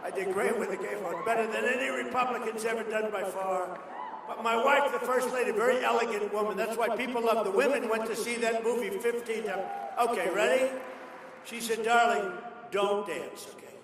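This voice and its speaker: An older politician giving a rambling, boastful rally speech in a large hall. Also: male voice, very high-pitched, fairly even intonation, a little fast, creaky. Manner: rambling, boastful storytelling with asides. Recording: echoey hall, distant PA mic, noise.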